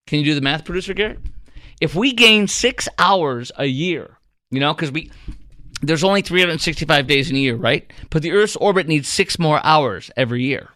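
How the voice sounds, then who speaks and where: A man hosting a talk radio show, chatting in a rambling, animated way and quizzing his producer. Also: a little high, normal speed, no echo, clean studio sound. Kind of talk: casual talk radio monologue. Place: radio studio.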